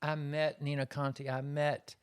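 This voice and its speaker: A woman's voice: sits low, level tone, measured pace, clean tone. A woman ventriloquist in a casual interview, telling her story in a rambling way with lots of fillers.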